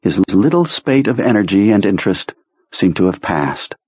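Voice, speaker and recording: A male narrator reads a novel aloud in a measured, dramatic way. His low, husky voice is close and dry. The recording sounds muffled and lo-fi. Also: sing-song, darkish tone, dry recording. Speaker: audiobook narrator. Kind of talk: scripted narration.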